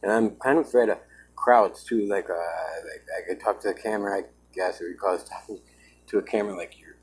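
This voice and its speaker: A man's voice: low-pitched, fairly quick, slightly rough, rough recording. A man talking to his own camera in an agitated, emphatic vlog monologue, often saying "man". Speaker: vlogger. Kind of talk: self-recorded vlog monologue.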